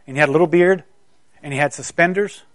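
A man's voice: a little high, fast, dry recording. A middle-aged man from South Carolina preaching a sermon, with conversational storytelling and stammering restarts.

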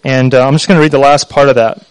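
A man preaching a sermon in an earnest, halting way, with many pauses and fillers. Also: mid-range voice, fairly even intonation, clean tone, no echo, low-quality recording.

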